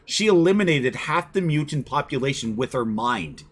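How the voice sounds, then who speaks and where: A man hosting a casual online group chat, animated and laughing as he leads the talk. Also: mid-range voice, normal speed, a little hiss or hum. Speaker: stream host.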